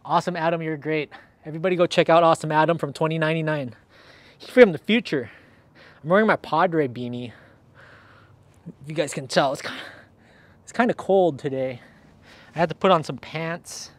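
A man's voice: on the high side, brisk, pauses often, no room sound. A man hosting a casual livestream, upbeat and chatty, thanking viewers by name, a little out of breath. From Southern California. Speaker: livestream host. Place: outdoors in cold weather.

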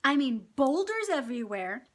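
A middle-aged woman vlogger telling a story in casual chat, animated and laughing often as she acts out what people said. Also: sits high, moderate pace. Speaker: mukbang vlogger.

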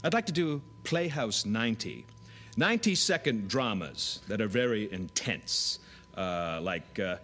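Animated man auditioning with bright voice. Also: lowish voice. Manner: animated, rapid switches between voices and his plain delivery. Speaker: comedian auditioning. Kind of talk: audition monologue with character voices.

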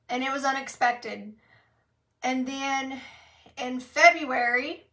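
A woman's voice: on the high side, pushed and bright, distant mic. A young woman earnestly telling her personal story on a phone live video, with lots of fillers. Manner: earnest, heartfelt, many fillers. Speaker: direct sales consultant sharing her story. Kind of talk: casual personal story on a live team training. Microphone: phone live video call.

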